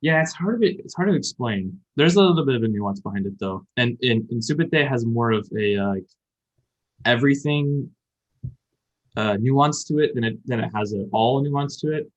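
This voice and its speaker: A man chatting casually on a podcast, working through word meanings with plenty of "um" and "like" and frequent restarts. His voice sits at an ordinary middle pitch, and the recording sounds a bit dull and lo-fi. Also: lively intonation, normal speed. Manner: rambling, explains with many fillers and restarts. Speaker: podcast co-host. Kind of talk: casual chat about learning Japanese.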